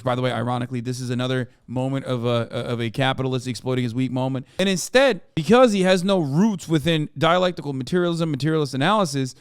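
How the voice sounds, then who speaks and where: A man reacting to a clip on his live stream, swearing freely and growing incredulous as he argues his point. His voice sits a little high for a man and sounds smooth and resonant. The sound is close and dry, with no room around it. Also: no room sound. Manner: animated, profane, incredulous ranting.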